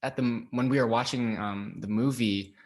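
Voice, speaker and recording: A young man from Los Angeles, an actor guest in a casual interview, relaxed and hesitant with many fillers. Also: medium pitch, normal speed.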